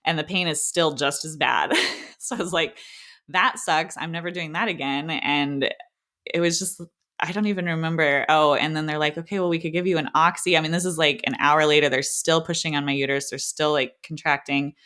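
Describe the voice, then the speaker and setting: A woman in her thirties co-hosts a podcast, speaking a little fast in a deep, sharp-toned voice with fairly even intonation. She casually tells a personal story, chatty and full of "like," acting out the quoted exchanges.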